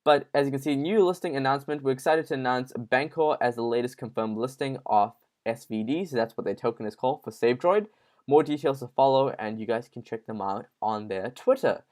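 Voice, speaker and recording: Man, news show host, casual commentary, informal, frequent fillers, mid-pitched voice. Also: fairly quick, a little mellow. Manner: informal, addresses viewers as guys, many fillers.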